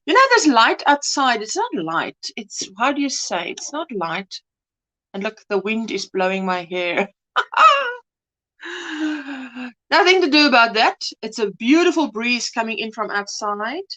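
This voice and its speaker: A woman's voice: on the high side, sing-song, unhurried, pushed and bright. A middle-aged woman hosting a casual livestream from home, chatting and greeting viewers by name. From United States. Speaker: livestream host. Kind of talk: casual chat reading viewer comments. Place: home by an open window, breeze blowing.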